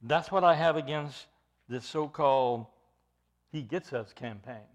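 A man's voice: on the high side, measured pace. A man preaching an expository sermon as pastor, earnest and emphatic, often repeating and restarting his phrases.

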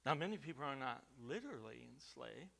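A man preaching a sermon as pastor, stressing key words slowly and swinging from quiet to loud. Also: medium pitch, very animated, gravelly. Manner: preaching with emphatic slow stresses and big swings in loudness.

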